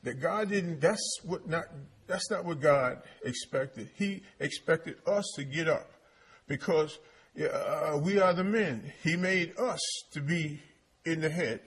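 A man preaching with a husky, slightly high voice. He is emphatic, stumbling over and repeating words as he drives each point home. He keeps checking in with his congregation. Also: slow pace. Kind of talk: sermon, reading and preaching on scripture.

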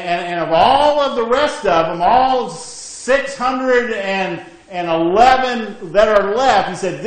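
A man preaching in a strongly echoing space, his voice a little higher than most men's. He delivers slowly and deliberately, pressing key words and pausing to check in with his listeners. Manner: emphatic, rising and falling, frequent "okay?" check-ins. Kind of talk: sermon.

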